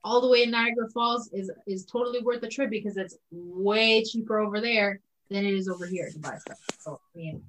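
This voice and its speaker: A young woman from Canada telling a story in casual chat, animated and full of fillers. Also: mid-range voice, fairly quick, hardly any pauses, poor audio.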